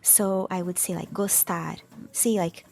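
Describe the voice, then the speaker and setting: A woman's voice: fairly low pitch, a little slow, creaky, a little mellow. A woman from Santos, Brazil, with a Brazilian Portuguese accent, patiently explaining pronunciation on a podcast with lots of fillers. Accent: Brazilian Portuguese (São Paulo coast). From Brazil, Santos in São Paulo state. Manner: patient, hesitant with many fillers, demonstrates sounds. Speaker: co-host teaching Portuguese. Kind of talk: casual explanatory podcast lesson.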